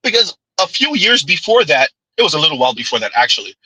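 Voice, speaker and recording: A man's voice: high voice, big pitch swings, a little fast, bright, forceful tone, husky, no echo, rough recording. A man giving a ranting commentary vlog, blunt and preachy, with sarcastic laughs and rhetorical asides. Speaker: commentary vlogger.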